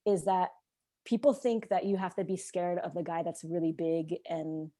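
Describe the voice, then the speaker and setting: A young woman guest on a podcast, telling a story in casual conversation, animated and acting out the voices of people she quotes, with lots of fillers. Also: fairly low pitch, normal speed.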